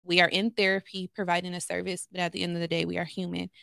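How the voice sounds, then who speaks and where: A woman's voice: on the low side, level tone, fast talker, gravelly, fairly bright tone, no room sound, studio quality. A woman from Los Angeles, a therapist, telling candid stories as a podcast guest with many fillers. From Los Angeles, USA. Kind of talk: podcast conversation.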